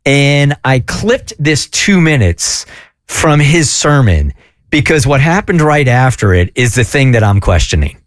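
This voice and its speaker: A man's voice: medium pitch, sing-song, measured pace, no echo, studio quality. A man hosting a radio show, talking earnestly and confessionally in a casual chat.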